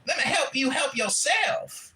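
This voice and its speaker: A man putting on the voice of a loud, scornful male American patriot who rants and shouts in a wailing tone. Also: very high-pitched, expressive, unhurried, reverberant, slight background noise, voice pushed up, full character voice. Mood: scolding. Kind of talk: mocking character voice in an audio chat room.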